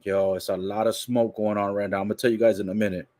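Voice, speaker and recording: A man giving a casual, excitable wrestling recap in slangy talk, retelling what others said. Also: fairly low pitch, quick pace, dry recording. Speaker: wrestling commentary vlogger. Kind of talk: casual live commentary recap.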